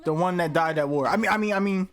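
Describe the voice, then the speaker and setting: A man's voice: sits high, fast, background noise. A man hosting a movie reaction who jokes and talks back to the screen, now and then breaking into mock screams. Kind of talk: casual chat over a movie.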